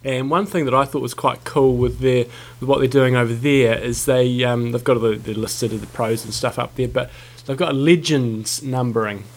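A man's voice: medium pitch, steady tone, normal speed, hardly any pauses. A man with a New Zealand accent co-hosting a podcast. He talks in a rambling, hesitant way with many restarts. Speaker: podcast co-host. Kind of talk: casual chat.

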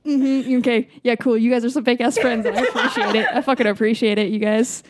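A woman's voice: a little high, fairly even intonation, fairly quick, very noisy. A young woman hosting a casual game with upbeat, playful talk and plenty of swearing. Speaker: host. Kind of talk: casual game show chat.

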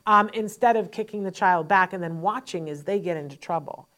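Woman host, slightly low voice, fast and emphatic, blunt asides, studio mic. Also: fairly bright tone. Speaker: host and parent advocate. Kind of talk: advice monologue to parents. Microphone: studio microphone.

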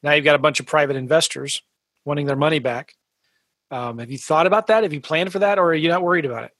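Brief: male host, fairly high voice, casual probing questions, dry close sound. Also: fast talker, fairly bright tone, no room sound. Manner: asks probing questions, jokey. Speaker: podcast host.

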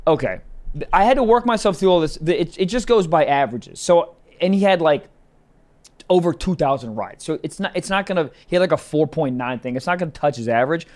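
A man, a comedian and podcast co-host, telling a story in casual chat, animated and cursing often. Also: on the high side, fairly quick. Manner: animated storyteller, swears a lot.

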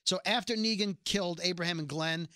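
A man with a bright, forceful voice hosts a casual podcast from a radio studio. He tells stories in a lively, chatty way, pitched slightly high for a man. The sound is close and dry. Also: brisk, no room sound. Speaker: radio morning-show host, podcast host.

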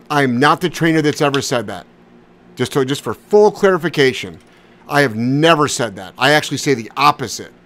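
A man hosting a live question-and-answer show as a dog trainer, answering viewers in a blunt, animated, sometimes profane way. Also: mid-range voice. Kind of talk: casual live Q&A.

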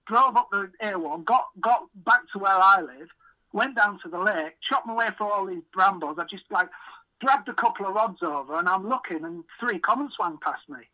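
An English man in his podcast-guest seat, chatting in a casual way and telling rambling, self-deprecating anecdotes. His voice sits fairly high and has a very bright, sharp edge. The sound is thin and slightly phone-like. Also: lively intonation, normal speed. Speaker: podcast guest, fishery owner. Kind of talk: casual storytelling.

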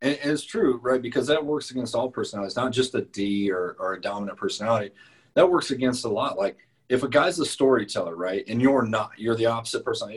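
A man's voice: medium pitch, quick pace, husky, poor audio. A man on a podcast giving frank, emphatic advice on handling difficult personalities, with some mild profanity. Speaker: podcast host. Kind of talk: casual advice talk.

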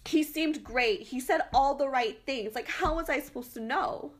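A woman's voice: sits high, moderate pace. A young woman in casual podcast chat, telling a story with lots of swearing and acted-out quotes. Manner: animated, swears freely, acts out quotes.

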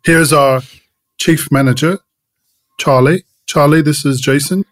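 A man's voice: a little high, measured pace, no room sound. A man in an improv comedy scene who speaks in a stiff, formal manner. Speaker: improv performer.

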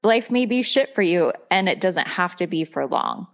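A woman's voice: lowish voice, animated, moderate pace. A young woman hosting a podcast in casual chat, laughing often and filling talk with "like". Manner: chatty, laughs often, says like a lot. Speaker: podcast host.

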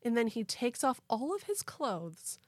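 Animated young woman telling a story. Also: on the high side, unhurried, no echo, clean studio sound. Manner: animated, laughing, lots of "like". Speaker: podcast host. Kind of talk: casual storytelling chat.

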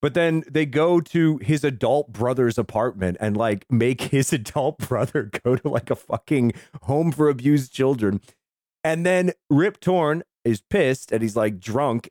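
A man co-hosting a film podcast, excitedly retelling movie scenes with lots of swearing in casual talk. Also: mid-range voice, normal speed, no room sound, studio quality. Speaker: podcast co-host.

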